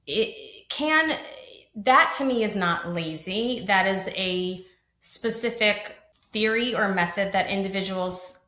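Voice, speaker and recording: A woman's voice: mid-range voice, slow, sharp tone. Earnest woman co-hosting in a roomy space. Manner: earnest, restarts often, frequent "like". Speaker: podcast co-host. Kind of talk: conversational podcast discussion. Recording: roomy echo.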